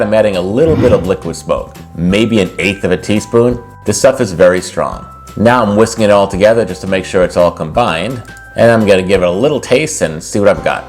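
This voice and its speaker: A man hosting a cooking video, casually explaining a recipe step by step and then tasting it. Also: on the low side. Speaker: cooking channel host.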